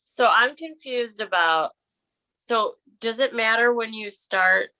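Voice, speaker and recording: Bright-voiced woman asking hesitant questions. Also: a little high, slow. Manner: hesitant, searching for words. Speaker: workshop participant.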